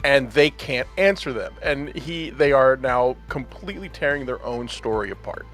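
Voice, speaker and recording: Male podcast host, casual and excitable, very expressive intonation. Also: mid-range voice, normal speed, faint music behind. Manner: animated, laughs often, enthusiastic. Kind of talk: casual chat.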